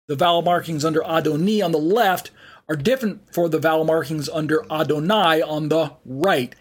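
A man teaching an online Bible study, explaining slowly and spelling words out letter by letter, with frequent fillers. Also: a little high.

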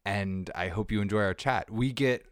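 A man's voice: lowish voice, moderate pace, clear, resonant tone, no echo, clean studio sound. A man hosting a podcast, chatting casually and rambling with fillers and restarts. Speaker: podcast host. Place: small black box theater backstage. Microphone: portable recorder.

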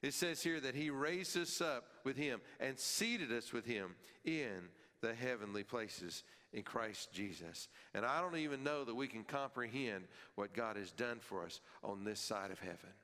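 A man preaching a sermon as pastor, emphatic, repeating key phrases and rising in pitch and force as he drives a point home. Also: animated, a little slow, hardly any pauses, bright, forceful tone, long reverb tail.

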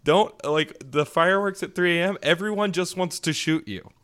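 A man's voice: fairly high pitch, moderate pace, fairly bright tone, clean tone. A man co-hosting a podcast, chatting casually and ranting in an exaggerated, joking way. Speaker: podcast co-host. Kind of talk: casual comedic chat.

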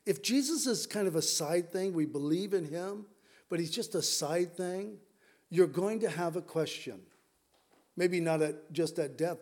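Male pastor, casual animated sermon delivery, voice pitched a bit high, acts out the lines he quotes.

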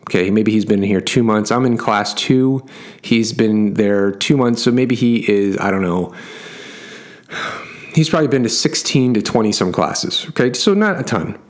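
A man's voice: on the low side, normal speed. A middle-aged man coaching his clients through a casual story, emphatic and repeating words for effect.

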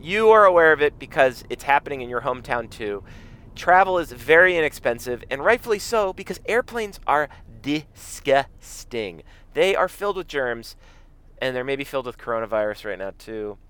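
A man from Canada talking while he drives, his voice swinging up and down as he trades dry, sarcastic jokes. He speaks at an average pitch and co-hosts the podcast in easy, casual chat. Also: very animated, moderate pace, fairly bright tone, clear, resonant tone. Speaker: podcast co-host. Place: driving a car.

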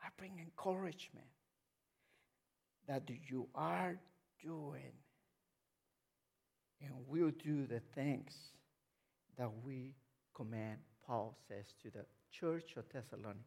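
A man's voice: a little high, vocal fry, darkish tone. A man preaching a sermon as a lay missionary, speaking emphatically, repeating words as he builds up and asking the congregation frequent questions.

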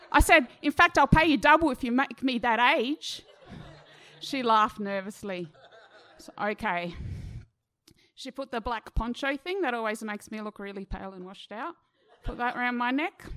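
A middle-aged woman tells an audience a personal anecdote in a slightly higher, pushed, bright voice. Chatty and self-mocking, she brings the people she quotes to life with quick voices.

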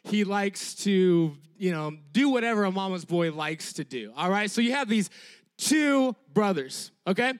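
A man preaching a sermon in an animated, emphatic way, repeating key phrases and checking in with "all right?" after many sentences. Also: high voice, a little slow, smooth.

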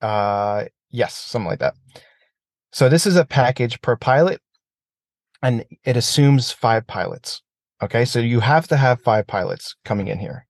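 A man's voice: mid-range voice, a little slow, dry recording. A man talking casually about aerobatic flying, swearing freely and ranting when heated. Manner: profane, animated rants. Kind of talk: casual chat.

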